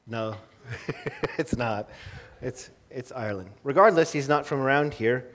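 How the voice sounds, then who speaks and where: A man's voice: mid-range voice, unhurried, fairly bright tone. A man preaching a sermon to his church in a conversational way, often repeating words as he restarts a thought. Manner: conversational, self-interrupting with small laughs and repeated words. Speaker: pastor.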